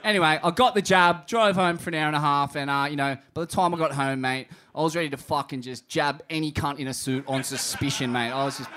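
A man with an Australian accent co-hosting a live comedy podcast, a foul-mouthed storyteller who rambles and often shouts. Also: on the high side, fairly even intonation, fast talker, few pauses. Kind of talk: crude comedic surfer banter. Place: in front of a live crowd.

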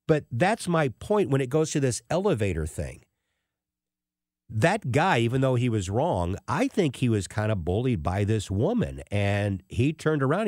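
A man hosting a radio talk show, telling a story in an emphatic, animated way. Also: mid-range voice, dry recording, studio quality.

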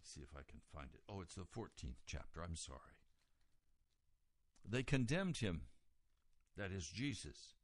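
A man preaching a sermon, retelling a scripture story and moving from quiet reading to loud, raised emphasis. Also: sits low, big pitch swings, a little slow, long pauses, no echo.

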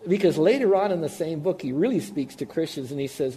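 A male pastor preaching a sermon in an animated, emphatic way, speaking straight to his listeners. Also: on the high side, quick pace, hardly any pauses.

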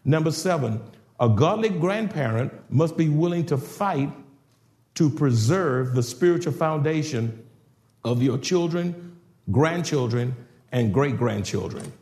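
An older man preaching a sermon in a church, swinging from shouted exhortation to hushed passages. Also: fairly high pitch, lively intonation, a little slow. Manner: preaching with rising shouts and sudden quiet passages. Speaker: pastor. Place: church sanctuary. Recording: roomy church echo.

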